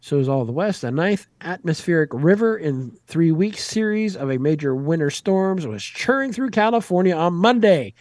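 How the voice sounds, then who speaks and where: A man's voice: on the high side, expressive, normal speed, few pauses, darkish tone, no room sound. A man hosting a radio show, reading news stories with wry, irreverent asides and casual swearing. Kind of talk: casual news read with banter.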